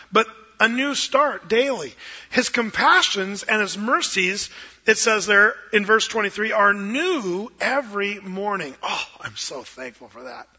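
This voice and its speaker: A middle-aged man, a pastor preaching a sermon in an animated, joking way that acts out quoted voices. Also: high-pitched, dull audio.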